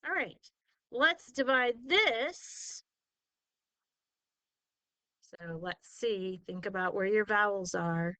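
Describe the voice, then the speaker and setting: A woman's voice: mid-range voice, lively intonation, slow pace, pauses often, pushed and bright, clean tone, no echo. A woman tutoring a student in spelling, patiently sounding out words syllable by syllable and praising answers. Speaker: spelling teacher. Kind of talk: slow, patient tutoring lesson.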